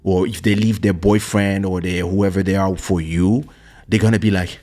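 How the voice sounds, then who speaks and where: A man hosting a casual talk show, telling personal stories in an animated way and acting out the voices of the people he quotes, into a studio microphone. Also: lowish voice, normal speed, faint music behind. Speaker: podcast host. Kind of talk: casual storytelling chat. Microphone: streaming studio microphone.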